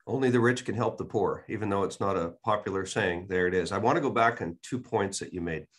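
A man's voice: lowish voice, a little fast, a bit bright. An older man, a guest real estate expert on a podcast, telling stories and giving emphatic, folksy advice. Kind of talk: podcast interview.

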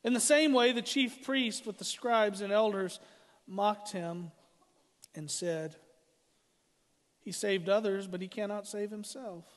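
A middle-aged man preaching a sermon as pastor, dramatic, swinging from loud declarations to hushed lines. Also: high-pitched, slow, pauses often. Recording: hall reverb.

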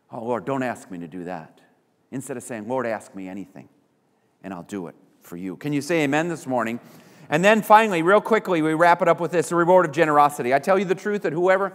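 A man preaching a sermon as pastor, acting out little voices of the people he quotes. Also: on the high side. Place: church sanctuary. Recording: church hall reverb.

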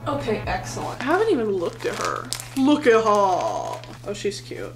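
A woman's voice: mid-range voice, huge pitch swings, moderate pace, over music. A woman in her twenties chatting casually and sarcastically while decorating her bedroom, sweaty and lightheaded, often laughing at herself. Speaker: YouTuber. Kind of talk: casual vlog chat.

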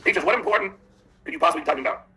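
A male podcast host with a high, piercingly bright voice. He reads viewer chats aloud and answers them in a mocking, combative tone. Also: lively intonation, rapid-fire, rough recording. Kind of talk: livestream chat reading.

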